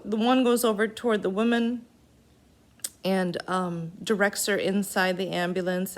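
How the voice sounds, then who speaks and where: Halting, earnest woman telling a story. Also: medium pitch. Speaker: storyteller recounting a personal event. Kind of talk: unscripted personal narrative.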